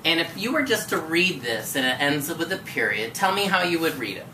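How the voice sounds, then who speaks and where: Woman, teacher, encouraging, questioning, animated low voice, distant mic, faint background noise. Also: fairly quick. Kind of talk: one-on-one tutoring lesson. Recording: echoey room from far off, faint noise.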